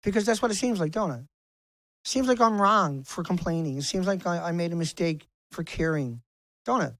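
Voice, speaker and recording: A man's voice: sits high, lively intonation, normal speed, fairly bright tone, no room sound. A man delivering an angry, profane rant to camera as an activist vlogger, repeating phrases for emphasis, outdoors on a beach. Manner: angry, swearing, repetitive and emphatic.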